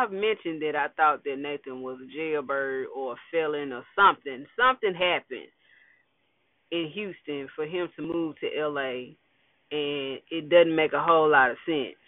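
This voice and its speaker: A man's voice: a little high, dry recording. A man casually recapping a TV episode, slangy, laid-back and wry, with lots of fillers and asides. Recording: dry tinny phone-like audio.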